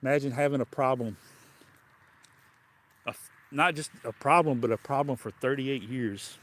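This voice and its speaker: A man's voice: medium pitch, normal speed, fairly bright tone. A man with a Southern US accent preaching a livestreamed sermon in a folksy, colloquial way, often repeating and restarting his phrases.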